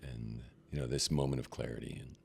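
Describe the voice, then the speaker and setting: Very deep gravelly male storyteller. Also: a little fast. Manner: animated storyteller, acts out shouts, drops to near whispers. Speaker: rabbi, guest. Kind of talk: storytelling in a podcast interview.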